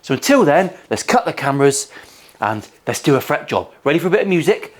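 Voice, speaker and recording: A man's voice: a little high, very animated, a little fast. A man with a West Country English accent, hosting a guitar-building vlog from his workshop in a cheeky, jokey way and swearing freely. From England. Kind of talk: casual, sweary workshop banter. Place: home workshop.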